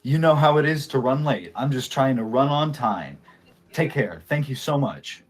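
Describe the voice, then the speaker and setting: A man's voice: mid-range voice, expressive, moderate pace, husky, pitched above the performer's own voice. A man voicing a polite, placating stranger in a fedora who is trying to avoid trouble.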